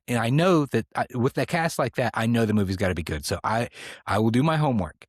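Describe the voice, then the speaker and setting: A man's voice: on the low side, big pitch swings, fast, husky, no room sound, clean studio sound. A man co-hosting a comedy podcast, rambling in a playful, mock-serious way. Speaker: podcast co-host. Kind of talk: casual comedic podcast chat.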